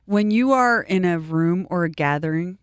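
Middle-aged lady cohost on morning radio, lively stories, does little voices for people, dry sound. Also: lowish voice, normal speed, clear, resonant tone, dry recording. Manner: animated storyteller, mimics people in her stories. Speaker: radio show co-host. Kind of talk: casual morning show banter.

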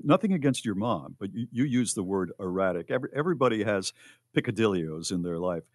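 Radio host, man, low voice, easygoing rambling chat, dry studio sound. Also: no echo. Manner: relaxed, rambling storyteller. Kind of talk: casual podcast chat.

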